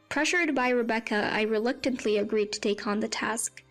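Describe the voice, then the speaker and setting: Female narrator, first-person scripted story, higher register, light music bed. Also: a little fast, hardly any pauses. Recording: faint music behind.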